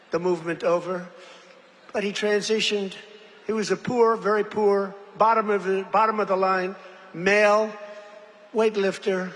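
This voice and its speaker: Male rally speaker, high-pitched and tense, loose and meandering delivery, booming hall reverb. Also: a bit bright. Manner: rambling, digressive, repeats phrases; jokey asides to the audience. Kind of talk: off-the-cuff rally speech. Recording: long hall reverb, faint background noise.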